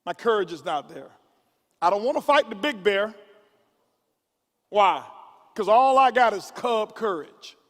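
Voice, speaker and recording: A man's voice: high voice, expressive, a little slow, pauses often, fairly bright tone. A man giving a motivational speech to a conference audience, stumbling through repeated words and building up like a preacher. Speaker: motivational speaker. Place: large conference hall. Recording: long hall reverb from a live event.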